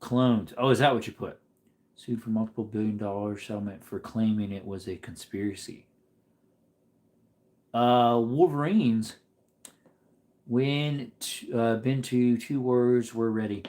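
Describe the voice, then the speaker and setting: A man's voice: medium pitch, a little slow, pauses often, darkish tone. Laid-back man streaming in an echoey room. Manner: laid-back, chatty, answers viewer comments. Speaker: livestream host reading chat. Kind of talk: casual live-stream chat. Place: at home.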